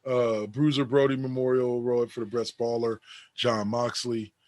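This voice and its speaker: Casual male podcast co-host, mid pitch, dry close mic, sarcastic list-reading. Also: flat delivery, moderate pace, a little mellow, dry recording. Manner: reads award list aloud with sarcastic asides and laughs.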